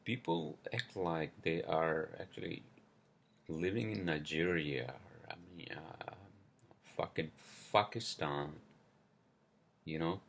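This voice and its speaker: Male podcast host, gravelly slow voice, furious profane solo rant. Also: rumbling low, a bit bright, a little hiss or hum. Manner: angry, profane, halting with many fillers and apologies. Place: New York.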